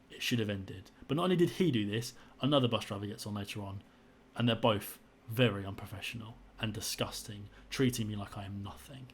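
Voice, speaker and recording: A man's voice: fairly low pitch, fairly bright tone, slight background noise. A young man tells his own story in a frustrated, indignant way, often repeating himself. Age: young adult. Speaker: vlogger. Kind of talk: personal story to camera.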